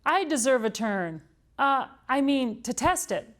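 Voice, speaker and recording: A woman's voice: sits high, sing-song, a little slow, a bit bright, pitched above the performer's own voice, exaggerated voice. A woman voicing a fussy male professor and science judge in a children's storybook read-aloud, matter-of-fact and lecturing.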